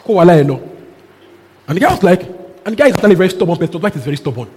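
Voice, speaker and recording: High-voiced preacher in a reverberant hall. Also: male voice, rapid-fire. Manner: animated storyteller who chuckles and mixes in local exclamations. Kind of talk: sermon with lively storytelling. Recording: long hall reverb, faint background noise.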